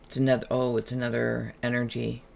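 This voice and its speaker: A tarot reader hosting a relaxed, channeled reading, who talks in a musing, chatty way and drifts into humming and asides. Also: medium pitch, fairly quick, vocal fry.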